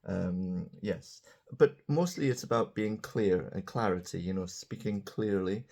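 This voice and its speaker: Low gravelly-voiced male English teacher. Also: darkish tone. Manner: chatty, joking asides, slow drawn-out example words. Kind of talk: casual grammar lesson to camera. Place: indoors beside a small whiteboard.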